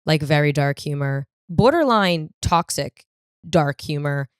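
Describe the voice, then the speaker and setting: A woman's voice: low-pitched, a little slow, clean tone, dry recording, clean studio sound. A woman in her thirties from the US East Coast, hosting a podcast as a rambling, profane comedic monologue and acting out other people's voices. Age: 30s. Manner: profane, rambling and animated, acts out quoted voices. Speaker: podcast host.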